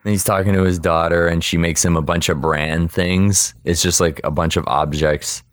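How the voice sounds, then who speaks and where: A man with a very low voice chats casually, retelling a cartoon episode with lots of asides and fillers. The sound is dry and close to the mic. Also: fairly even intonation, normal speed, no room sound. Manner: rambling, many fillers and asides.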